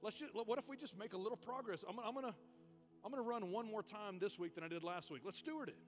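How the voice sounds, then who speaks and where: High-voiced man preaching a sermon. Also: quick pace, faint music behind. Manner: energetic storytelling, repeats words when excited. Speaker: pastor. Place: church.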